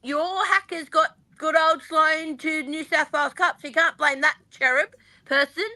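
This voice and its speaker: A woman co-hosting a fan podcast with a high, bright and sharp-edged voice. She talks in a rambling, animated way, full of fillers and asides. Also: moderate pace. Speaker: podcast co-host. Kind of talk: casual fan panel chat.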